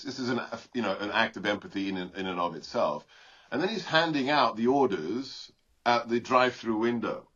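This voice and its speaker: A man's voice: medium pitch, a bit bright, husky, muffled recording. A man from Britain, a guest giving combative, emphatic political commentary in an interview.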